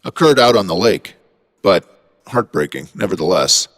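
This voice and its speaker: A man's voice: low-pitched, lively intonation, normal speed, fairly bright tone, long reverb tail. A man voicing a brusque male park veterinarian who talks in a blunt, folksy way. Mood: reassuring.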